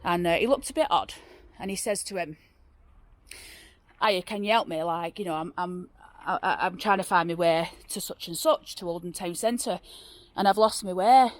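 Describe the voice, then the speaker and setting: This fairly low-pitched woman speaks at an ordinary pace with no echo. She has a Northern English accent and rambles cheerfully through local ghost tales by a roadside, often restarting and using fillers in this casual on-location storytelling.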